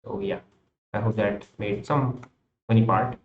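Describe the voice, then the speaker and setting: This young man speaks with an Indian English accent in a fairly low voice, keeping his intonation fairly even and his pace unhurried. He rambles through a loose live-stream chat, thinking out loud as he works and frequently restarting or repeating himself. It's captured in a roomy, somewhat dull home setting.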